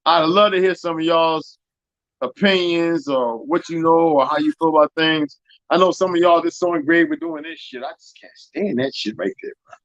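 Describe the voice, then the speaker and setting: Profane, animated man telling stories. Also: on the high side, normal speed, dry recording, dull audio. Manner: profane, animated, swings loud and soft. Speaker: live stream host. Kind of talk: casual storytelling chat.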